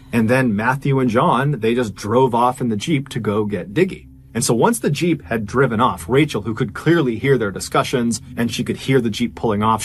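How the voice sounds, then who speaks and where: A man telling a true crime story in a conversational, emphatic way. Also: medium pitch.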